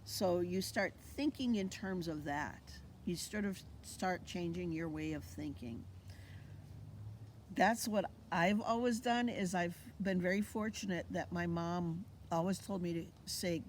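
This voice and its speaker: A woman's voice: lowish voice, a little slow, slight background noise. A woman giving an informal teaching talk, storytelling with animation and acting out the voices she quotes. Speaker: Indigenous cultural teacher. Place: outdoors on a fall plant walk.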